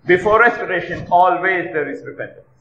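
A man preaching with a high, bright, ringing voice that carries through an echoey church hall. He presses his points with rhetorical questions and drives home key phrases by repeating them. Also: animated, fairly quick, lo-fi sound, slight background noise. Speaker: pastor. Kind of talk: sermon.

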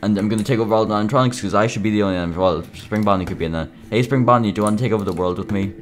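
A man's voice: lowish voice, very fast, faint music behind, natural voice. A man voicing a boastful evil old animatronic bear in a game video, rambling about his plans. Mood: scheming.

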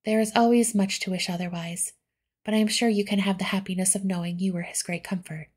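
A woman softly voicing a kind, gentle middle-aged mother in a whispered role-play reading. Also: medium pitch, fairly even intonation, a little fast, lightly acted. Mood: tender. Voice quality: soft, breathy.

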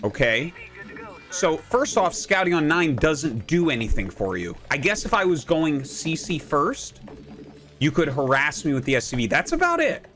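A male streamer in his thirties, swearing and venting as he talks through his games, his pitch leaping around and sometimes spilling into shouts. His voice is bright and a touch high for a man. Faint game music runs behind him. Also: lively intonation, moderate pace. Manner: profane, exasperated, bursts into shouting. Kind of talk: casual stream rant.

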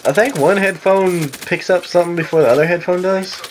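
A man's voice: high voice, brisk, a little hiss or hum. Rambling Southern gamer guy. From Southern United States. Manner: rambling, excitable, jokey with sarcastic asides. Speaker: gaming commentator. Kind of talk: casual voice-over commentary on gameplay.

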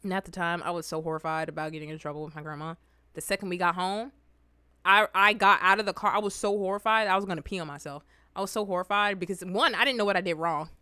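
A young adult woman hosting a reaction video, telling stories in an animated, slangy, exclamatory way. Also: on the low side, fast talker, clear, resonant tone, dry recording, studio quality. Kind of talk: casual reaction commentary and storytelling.

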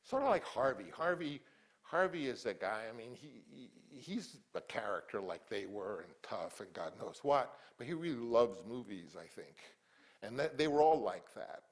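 An older man, a film director, answering interview questions and reminiscing in halting speech full of restarts and repeated words. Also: mid-range voice, animated.

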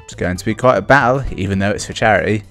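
A man's voice: fairly low pitch, fast, a bit bright, soft background music. A man voicing a basketball star as a video game hero, reading the lines plainly without any impression. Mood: easygoing.

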